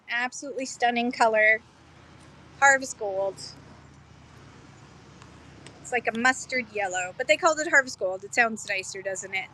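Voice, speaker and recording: Chatty, excitable woman selling outdoors. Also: high voice, moderate pace, long pauses, rough recording. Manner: chatty and excitable, teaching between bids. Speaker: live auction seller. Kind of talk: live-stream selling pottery. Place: outdoors in a park. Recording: faint outdoor background noise.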